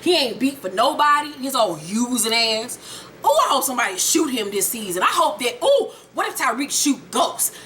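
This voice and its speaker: A young woman casually recapping a TV episode, profane and animated, acting out the characters as she retells scenes. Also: on the high side, normal speed, slight background noise. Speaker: TV recap reviewer.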